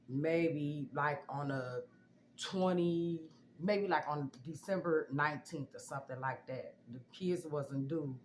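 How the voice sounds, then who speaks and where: Young woman, low voice, animated storyteller. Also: a little hiss or hum. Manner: animated, leaps high when quoting herself. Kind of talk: casual storytime.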